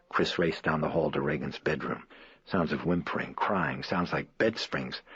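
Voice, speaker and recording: A man narrating a horror audiobook in a measured, somber manner. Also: deep voice, a bit bright, husky, no echo. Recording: dry, slightly dull lo-fi recording.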